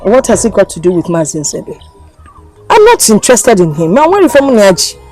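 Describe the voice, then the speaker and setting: An actress with a Nigerian accent playing a sharp-tongued, indignant wife in a family feud. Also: female voice, mid-range voice, huge pitch swings, brisk, faint music behind. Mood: weary. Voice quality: indignant, insulting. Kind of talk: Nollywood film acting.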